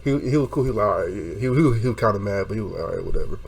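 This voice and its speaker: A young man casually telling a story, animated and profane, acting out quotes and laughing along the way. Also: fairly low pitch, racing, creaky.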